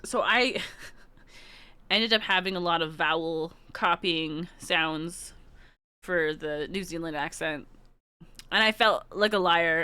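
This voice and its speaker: A woman from Canada chats through a travel story on her stream, laughing between thoughts and circling back on herself. Her voice is bright and crisp, and it sounds close and dry with no room around it. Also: low-pitched, dry recording. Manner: giggly, laughs often while talking; rambling, with many restarts and asides. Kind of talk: casual storytelling.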